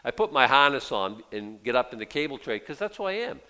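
Lively conversational older preacher man. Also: mid-range voice, brisk, clear, resonant tone. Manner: conversational preaching, acts out quotes in voices. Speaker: pastor. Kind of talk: sermon.

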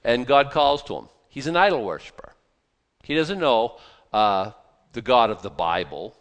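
A man preaching a Bible sermon in a conversational, animated way, often restarting and breaking into asides. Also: medium pitch, normal speed. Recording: long hall reverb.

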